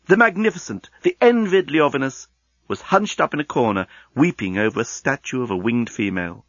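A man with a husky voice, reading a story aloud as narrator with expressive storytelling. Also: fairly quick, no room sound, highs cut off. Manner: expressive storytelling with wide swings in pitch. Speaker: audiobook narrator. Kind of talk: scripted narration.

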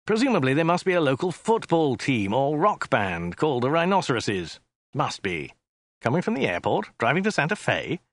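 A man's voice: medium pitch, wildly swooping pitch, moderate pace, no echo, clean studio sound. A man with a British accent voicing a nervous, polite male detective who hesitates often. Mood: puzzled. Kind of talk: audiobook character voice.

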